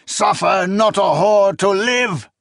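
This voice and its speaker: A man voicing a zealous, cruel old priest with a hoarse, booming voice who shouts and rants scripture. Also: takes it slowly, no room sound, studio quality, exaggerated voice. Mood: ranting.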